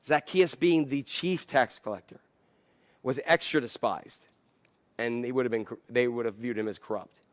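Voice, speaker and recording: A man's voice: mid-range voice, normal speed. A middle-aged man preaching a sermon in a conversational, reflective way, with asides and restarts. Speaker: pastor.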